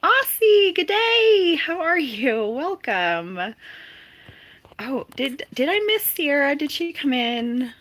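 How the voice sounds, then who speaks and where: Giggly, slow-talking woman streamer. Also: high voice, sing-song, fairly bright tone. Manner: giggly, laughs often between greetings; reads out and answers viewers' comments. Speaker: livestream host. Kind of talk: casual live chat with viewers.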